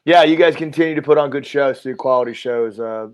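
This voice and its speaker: Smooth-voiced easygoing male co-host. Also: medium pitch, fairly quick. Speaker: podcast co-host. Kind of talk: casual podcast chat.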